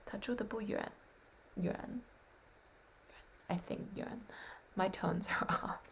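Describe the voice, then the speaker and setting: Slow, gravelly woman practicing words aloud. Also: medium pitch, fairly bright tone, whispered. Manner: tentative, thinking aloud, sounding out words slowly. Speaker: language learner practicing vocabulary. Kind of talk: casual solo practice on webcam. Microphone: webcam microphone.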